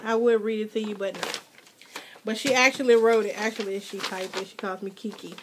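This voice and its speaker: A mother filming a casual unboxing vlog at home, gushing and excitable, her voice jumping to squeals when she is thrilled. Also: mid-range voice, a little fast, background noise. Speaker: mother and hobby vlogger. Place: home with children nearby.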